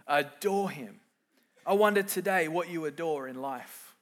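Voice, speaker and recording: A middle-aged man preaching a sermon, moving from quiet, reflective lines to loud, emphatic ones and acting out quoted voices. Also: a little high, a little slow. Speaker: pastor.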